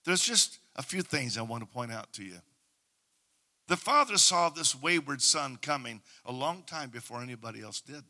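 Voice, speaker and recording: A man with a Canadian accent preaching a Pentecostal sermon as pastor, moving from hushed, quiet passages to loud shouted declarations. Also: mid-range voice, expressive, normal speed. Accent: Canadian English.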